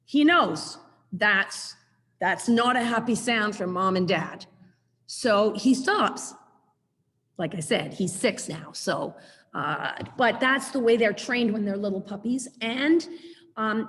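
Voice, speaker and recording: A woman's voice: fairly high pitch, fairly bright tone, big-room sound. A middle-aged woman teaching a puppy training class on a video call, chatty and acting out her corrections to the dog. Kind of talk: online class lecture.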